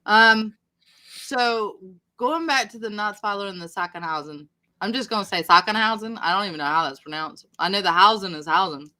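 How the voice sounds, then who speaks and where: A woman hosting a live video chat, reading history notes aloud and thinking out loud, swearing casually now and then. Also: medium pitch, moderate pace, poor audio. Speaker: host. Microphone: video call.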